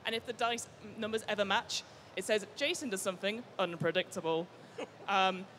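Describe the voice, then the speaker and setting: A man, a game master speaking on a live panel, lively and animated with quick bursts of speech. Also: sits high, a little hiss or hum. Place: stage before a live audience.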